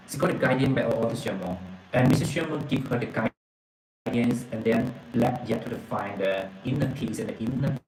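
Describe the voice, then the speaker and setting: A man retelling a story from a book and reading a message aloud, halting and repeating words, often filling with okay and yeah. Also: mid-range voice, darkish tone, echoey room, slight background noise, poor audio. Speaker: presenter retelling a book's story.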